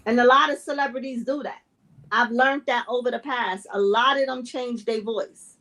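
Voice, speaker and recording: A woman co-hosting a podcast in an easygoing, chatty way. Her voice sits high, and she keeps circling back to hammer her point home. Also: normal speed. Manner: animated, repeats points for emphasis. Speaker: podcast co-host. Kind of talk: casual chat.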